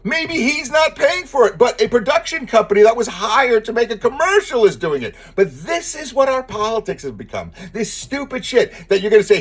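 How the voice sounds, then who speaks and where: A man's voice: high-pitched, sing-song, moderate pace, few pauses, slightly rough. A man delivering a profane, sarcastic political rant as a commentator, exasperated and blunt. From lives in Texas. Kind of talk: ranting monologue.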